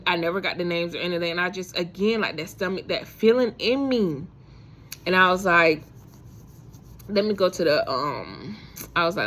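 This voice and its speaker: A woman's voice: mid-range voice, pushed and bright. A woman vlogger telling a faith story to her viewers in a casual, rambling way, full of fillers and restarts.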